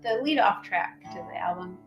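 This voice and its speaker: A woman musician chatting casually between songs on a livestream, halting and full of fillers and restarts. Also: medium pitch, expressive, highs cut off. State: tearful. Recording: roomy sound with faint guitar.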